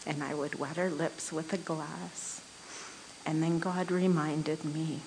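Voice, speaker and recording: In an earnest, unhurried telling of a devotional story to a group of women, she frequently breaks into soft laughter partway through sentences. Her voice sits slightly low for a woman, her intonation stays fairly even, and the rough recording carries a little background noise.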